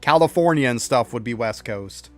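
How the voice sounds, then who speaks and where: A man's voice: mid-range voice, lively intonation, moderate pace, faint music behind. A man from upstate New York with a mild local accent, chatting bluntly with his live-stream viewers about gaming. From New York State, outside the city. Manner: blunt, talks back to chat, laughs between points.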